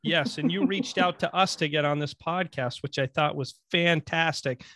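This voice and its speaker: A man's voice: a little high, normal speed, bright, forceful tone. A man from Vermont co-hosting a podcast in casual chat, joking and teasing. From Vermont, USA. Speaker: podcast co-host.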